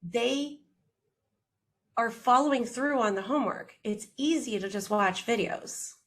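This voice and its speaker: A woman audiologist talking in a casual interview, lively and quick, acting out what her patients say. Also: a little high. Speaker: audiologist guest.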